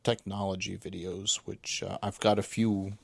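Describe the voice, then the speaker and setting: A man with a fairly low voice chats casually as a show co-host. His talk meanders, full of ums and false starts. The sound is dry and close, with no room around it. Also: little pitch movement, gravelly, no echo. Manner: rambling, halting, many fillers and restarts. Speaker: podcast co-host. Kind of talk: casual chat.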